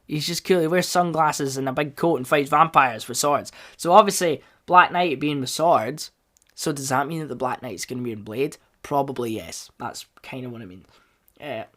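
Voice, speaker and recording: A man hosting a solo podcast, rambling casually and bursting into loud enthusiasm. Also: medium pitch, normal speed. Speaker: podcast host.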